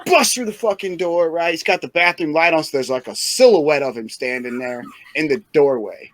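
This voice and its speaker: A man's voice: a little high, a little fast. Profane laughing storyteller man. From Missouri. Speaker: podcast co-host. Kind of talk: casual storytelling chat.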